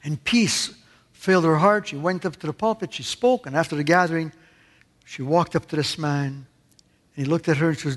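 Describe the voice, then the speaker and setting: A man preaching a sermon in a church. He is emphatic and swings between loud stressed words and hushed asides. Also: fairly high pitch, animated, moderate pace, long pauses, breathy edge, big-room sound. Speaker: pastor.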